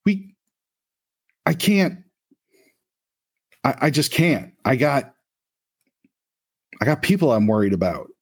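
A man's voice: sing-song, a little mellow, slightly rough, heavily acted. A man doing a stammering, panicked man. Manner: stammering, high and rushed. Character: panicked man fleeing a coming fight.

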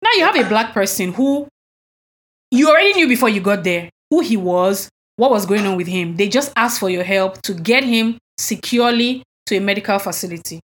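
Woman podcast co-host, mid-pitched, telling a story with pointed outrage in relaxed conversation. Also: fairly quick. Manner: indignant, emphatic storytelling with rhetorical questions. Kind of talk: casual conversational chat.

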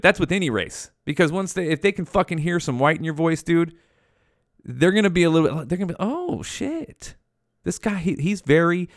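A man's voice: fairly high pitch, fairly bright tone, no room sound, studio quality. A man hosting his own show, talking in a rambling, profane, slangy monologue. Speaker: podcast host.

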